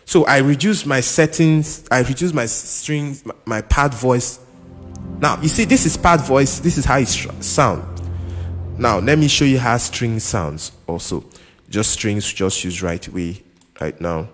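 Man teaching keyboard in a reverberant room. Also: medium pitch. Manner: keeps checking in with "you understand?"; halting, with restarts and repeated words. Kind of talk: casual instructional talk. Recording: long reverb with keyboard music behind.

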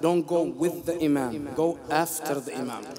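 A man's voice: fairly high pitch, moderate pace, dark tone. A man giving a short talk as imam, correcting the congregation emphatically and repeating his points. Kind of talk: sermon. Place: mosque prayer hall with congregation. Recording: crowd heard in mosque hall.

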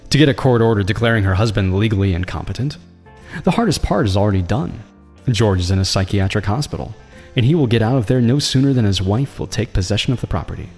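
A man reads a dramatic story aloud with a lively, rising and falling voice and a measured storytelling delivery. A long reverb hangs on his words, and faint music plays underneath. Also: on the low side. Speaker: narrator. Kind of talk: scripted story narration.

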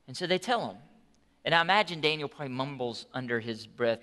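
A man preaching a sermon as pastor, telling the story in an animated, conversational way with asides. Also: a little high, quick pace.

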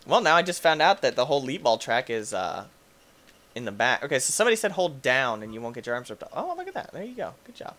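A man giving goofy, excitable commentary over his gameplay, laughing and yelling at the game. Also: mid-range voice, fast. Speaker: gaming YouTuber. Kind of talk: let's play commentary.

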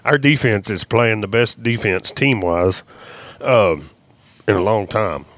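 A man's voice: on the low side, slow pace, a bit bright, no echo. A man co-hosting a podcast, asking the guest questions in casual talk. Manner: asks questions, short agreeing replies. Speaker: podcast co-host.

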